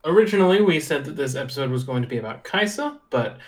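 A man hosting a casual podcast, easygoing and quick to laugh. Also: mid-range voice, animated. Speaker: podcast host.

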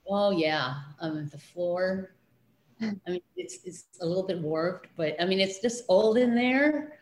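A woman's voice: medium pitch, big pitch swings, a little slow, echoey room. A middle-aged woman, a children's librarian, recalling her studies in a casual interview, hesitant with many fillers and restarts.

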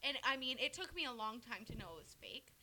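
A young woman co-hosting a casual podcast chat, giggly and loud, swearing freely. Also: on the high side, lively intonation, quick pace. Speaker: podcast co-host.

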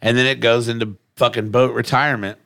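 A man's voice: mid-range voice, a little fast, creaky. A man hosting a casual podcast chat who jokes around, swears freely and acts out little scenes. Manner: animated joking, profane, acts out scenes. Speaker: podcast host.

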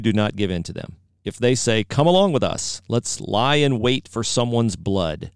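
Man, podcast co-host, gravelly yet resonant, low pitch, measured reading, dry sound. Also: no room sound. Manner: measured, reads scripture aloud. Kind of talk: faith podcast chat, scripture reading.

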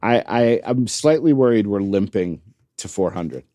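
A man's voice: lowish voice, animated, a little slow, dark tone, dry recording, clean studio sound. A man co-hosting a casual podcast with a wry, teasing, self-deprecating manner. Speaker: podcast co-host.

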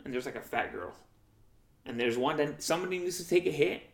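A man's voice: a little high, brisk, gravelly. A young man, telling stories in casual chat, acting out other people's voices and swearing freely. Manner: animated storyteller who acts out quoted voices; profane and slangy. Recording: roomy echo.

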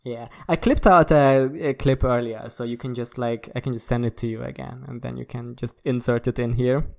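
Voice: medium pitch, fairly even intonation, a little fast, gravelly, darkish tone. Teasing podcast co-host. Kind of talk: casual chat. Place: own home recording studio.

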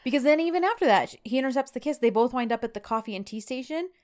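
A woman's voice: high-pitched, lively intonation, racing, darkish tone. A woman in casual chat, adding to a show recap with short agreements and laughs. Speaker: podcast co-host.

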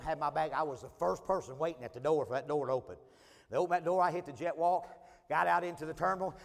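Animated male preacher spinning a funny tale. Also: a little high, in a large hall. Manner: animated, self-mocking storyteller. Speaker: traveling preacher. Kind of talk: humorous storytelling sermon.

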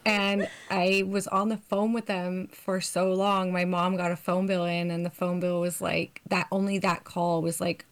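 A woman's voice: fairly low pitch, level tone, unhurried, few pauses. A woman in her thirties co-hosting a podcast, telling loose, rambling stories in casual chat. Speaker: podcast co-host.

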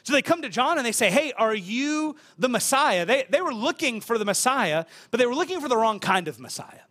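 A man's voice: extremely high pitch, sing-song, quick pace, a bit bright. A man preaching a sermon in a conversational way, with casual asides and frequent repeated words. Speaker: pastor.

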